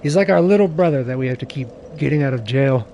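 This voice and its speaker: A man's voice: mid-range voice, lively intonation, fast talker, warm tone, slight background noise. Playful, joking man streaming a game. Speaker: gaming streamer. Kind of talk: casual let's-play commentary.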